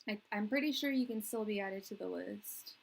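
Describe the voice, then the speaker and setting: A woman's voice: mid-range voice, moderate pace, creaky, low-quality recording. Chatty young woman hosting a live stream. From England. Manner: chatty, rambling, laughs often, slangy. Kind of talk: casual live-stream chat with viewers.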